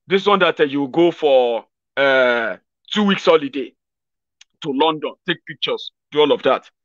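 High-voiced Nigerian man riffing animatedly. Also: a little slow, dry recording, highs cut off. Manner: animated, acts out other people's lines. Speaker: political commentator. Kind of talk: casual commentary monologue.

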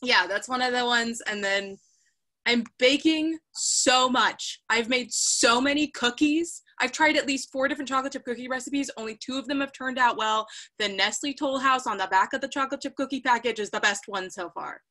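A woman's voice: fairly high pitch, moderate pace, bright, forceful tone. A young woman chatting casually on a video call, rambling in an upbeat way. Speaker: cast member.

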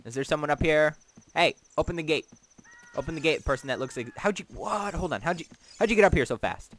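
A man's voice: fairly high pitch, expressive, fast talker, a bit bright. A man giving goofy, rambling commentary while playing a video game, often talking back to the characters. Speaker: let's play gamer. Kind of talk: casual gameplay commentary.

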